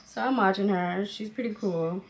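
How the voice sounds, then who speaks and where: Casual vlog lady talking to her phone, gravelly fry voice, lots of "like"s, a little background hiss. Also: medium pitch, normal speed. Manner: chatty, lots of fillers like "like" and "so yeah". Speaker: vlogger.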